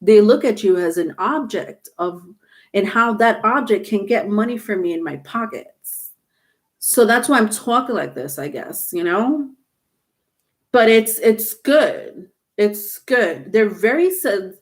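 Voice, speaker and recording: A woman doing a live tarot reading, talking casually, halting and repeating words, with some swearing. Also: mid-range voice, lively intonation. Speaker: tarot reader.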